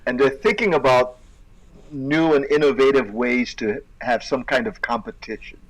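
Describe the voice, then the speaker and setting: A man's voice: medium pitch, normal speed, background noise. A man co-hosting a casual chat, rambling with fillers and laughing as he comments on videos. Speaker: co-host.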